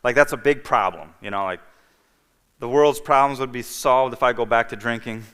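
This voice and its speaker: A man's voice: medium pitch, normal speed, fairly bright tone, smooth. A man giving a personal testimony as a guest speaker in church. He tells his story in a storytelling manner, acts out each person's lines, and often checks in with "okay?" and "you know". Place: church hall. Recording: livestream with long hall reverb.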